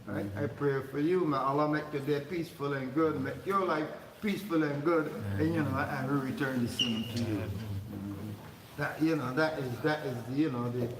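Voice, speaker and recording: A man's voice: fairly high pitch, fairly even intonation, normal speed, crowd noise. A man teaching an informal Quran commentary class in a mosque, talking in a chatty way, laughing often and repeating his words. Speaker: religious teacher. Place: mosque hall. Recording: echoey hall, far mic, noisy.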